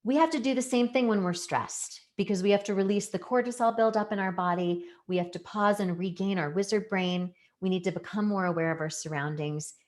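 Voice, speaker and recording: A woman's voice: mid-range voice, a little fast, hardly any pauses, darkish tone. A woman giving an educational talk, explaining things earnestly and leaning on key words for emphasis. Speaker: presenter.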